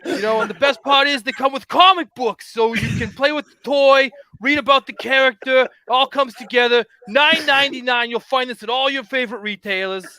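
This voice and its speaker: Man playing a brash toy boss in a bright, high voice, pitching with a put-on New York-style accent, dry close sound. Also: a little fast, no room sound. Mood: salesy. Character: brash middle-aged toy boss giving a sales pitch.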